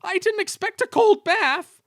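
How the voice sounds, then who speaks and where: A man voicing a small, cheerful, polite young male steam engine in a storybook reading, eager and excitable. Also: very high-pitched, unhurried, no room sound, clean studio sound, voice pushed up, full character voice. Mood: startled.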